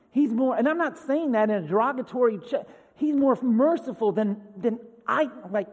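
A man preaching a sermon as pastor, earnest, swinging from loud emphasis to a hushed near-whisper. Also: very high-pitched, lively intonation, normal speed, few pauses. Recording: long hall reverb.

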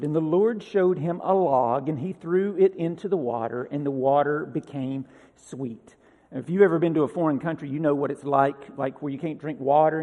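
A man with a high, light voice preaches a sermon, reading scripture aloud with lifted emphasis. Between readings he drops into a loose, chatty tone. The sound rings with a long reverb from a large hall. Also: narrow, tinny audio. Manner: reads scripture with rising emphasis, then talks casually. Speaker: pastor.

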